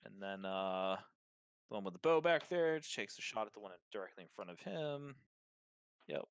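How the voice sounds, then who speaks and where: A man's voice: fairly low pitch, animated, normal speed, vocal fry, clear, resonant tone, dry recording. A man narrating as game master of a tabletop game, describing scenes with fillers and restarts.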